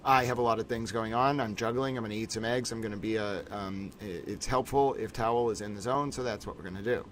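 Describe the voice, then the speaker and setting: A man's voice: lowish voice, fast talker, hardly any pauses, slight background noise. A man hosting a casual livestream, chatting playfully and theatrically with his viewers. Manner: playful, theatrical, repeatedly addresses viewers as ladies and gentlemen. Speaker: livestream host.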